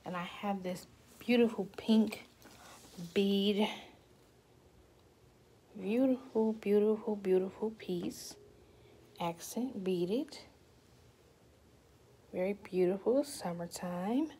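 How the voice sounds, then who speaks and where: A woman selling jewelry in a vlog, slowly naming each piece and now and then dropping to a whisper. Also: mid-range voice, dark tone, slight background noise. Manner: slow, repetitive, drops to whispers at times. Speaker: jewelry seller. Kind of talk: product showcase vlog.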